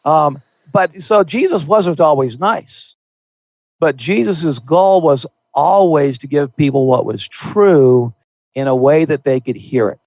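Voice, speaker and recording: A man's voice: fairly high pitch, a little mellow, no echo. A man hosting a Christian podcast, explaining in an earnest, folksy way with frequent restarts. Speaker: podcast host. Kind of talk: conversational Christian podcast discussion.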